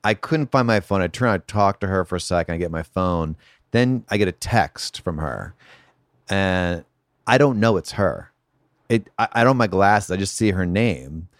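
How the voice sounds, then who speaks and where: A man's voice: low voice, expressive, normal speed, no echo, studio quality. A man who is a comedian guest chatting casually, telling a story against himself with a laugh. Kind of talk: casual chat.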